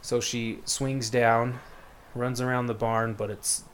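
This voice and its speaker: A man's voice: medium pitch, flat delivery, takes it slowly, slight background noise. A man casually retelling a story in a rambling way, with many fillers and quoted lines. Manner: rambling, laid-back, lots of fillers and quoted voices. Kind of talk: casual chat, retelling a book plot.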